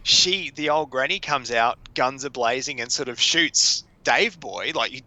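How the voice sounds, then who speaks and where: A man's voice: mid-range voice, expressive, measured pace, pushed and bright, poor audio. A man co-hosting a podcast, chatting casually, laughing often and acting out quotes. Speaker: podcast co-host. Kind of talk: casual chat.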